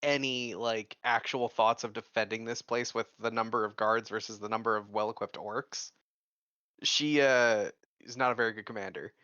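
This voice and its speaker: Brief: analytical D&D player, man, tense bright tone, muffled close recording. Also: fairly low pitch, fairly even intonation, normal speed, smooth, no echo. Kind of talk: casual tabletop play.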